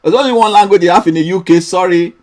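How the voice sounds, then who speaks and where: A man's voice: high-pitched, quick pace, darkish tone. Playful man hosting a live trading class. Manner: chatty and playful, laughs often, reads out viewer comments. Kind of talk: casual live-stream teaching.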